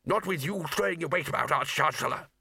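A man's voice: fairly high pitch, quick pace, gravelly, pushed and bright, breathy edge, no echo, clean studio sound, pitched above the performer's own voice, exaggerated voice. A man voicing a nervous wizard pleading anxiously with a passenger.

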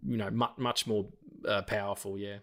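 A man's voice: fairly low pitch, moderate pace. A man co-hosting a podcast, chatting casually and animatedly with frequent swearing. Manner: animated, sweary, quotes lines from films. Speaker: podcast co-host. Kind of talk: casual chat.

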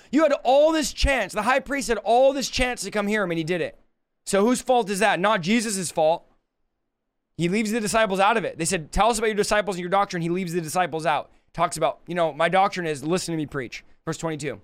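Man, Bible teaching, colloquial, animated paraphrasing, high-pitched. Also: a little fast. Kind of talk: casual verse-by-verse Bible teaching. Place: livestream.

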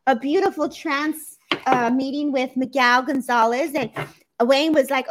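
A woman's voice: high-pitched, unhurried, noisy background. A woman hosting a live psychic chat on a video call, talking in an effusive, gushing and emotional way. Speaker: psychic medium, live-stream host. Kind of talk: casual live-stream chat.

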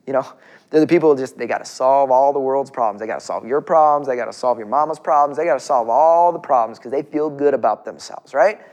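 A man's voice: medium pitch, fast talker, a little mellow. A middle-aged male pastor preaching a conversational, emphatic sermon and asking his listeners questions.

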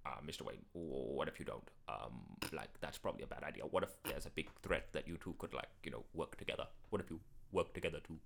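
A man voicing a timid butler who pleads softly and hesitates with ums. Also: rumbling low, animated, fast talker, vocal fry, few pauses, voice pushed down, heavily acted. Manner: soft, hesitant, full of ums.

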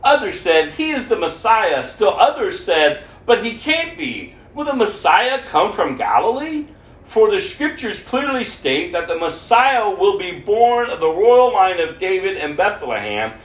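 A man's voice: high-pitched, fairly bright tone. A man preaching, reading scripture aloud and adding his own commentary, lifting his voice for the quoted speech. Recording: echoey room.

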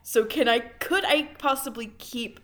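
A woman's voice: fairly high pitch, measured pace, fairly bright tone. A woman playing a tabletop game, chatty and polite, laughing easily. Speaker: player. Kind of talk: casual tabletop play.

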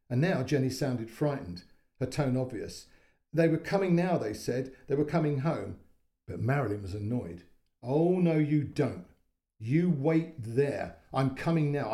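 A man narrating a short story in a calm, measured way, giving voice to the quoted lines. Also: medium pitch. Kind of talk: audiobook-style story narration.

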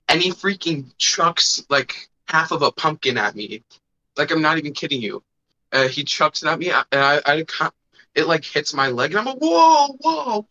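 On a podcast, a young male host tells a long story casually, rambling with fillers and acting out other people's voices. His voice is a little high, pushed and bright, and the recording has a dull lo-fi sound.

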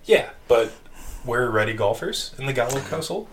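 A man co-hosting a podcast, telling a long story in casual chat, animated and laughing, with casual swearing. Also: mid-range voice, normal speed. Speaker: podcast co-host. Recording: distant mic with faint noise.

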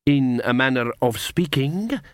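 A man's voice: mid-range voice, lively intonation, a little slow, smooth, no echo, clean studio sound, close to an everyday voice. A man doing a terse, mysterious swamp woman.

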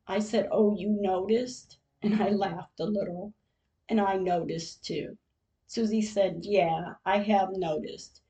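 A woman podcast host, middle-aged, reading her diary entries aloud in a quiet, reflective way. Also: medium pitch, rough recording.

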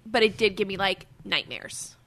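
A woman in her thirties, a podcast co-host, telling animated stories about her kids in casual chat. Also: medium pitch, moderate pace. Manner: animated storyteller, acts out her kids' voices.

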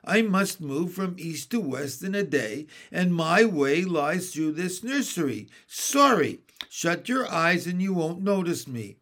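A man's voice: high-pitched, animated, a little slow, few pauses, a bit bright. Man voicing the kindly talking sunlight. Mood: apologetic. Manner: apologetic and approving. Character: kindly talking sunlight, gentle and eager to please.

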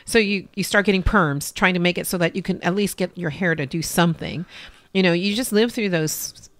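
A woman's voice: fairly low pitch, fairly quick, no echo. A middle-aged woman, a mother and interview guest, telling rambling personal stories and acting out what others said. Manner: rambling, acts out quoted people in changed voices. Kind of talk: candid personal storytelling.

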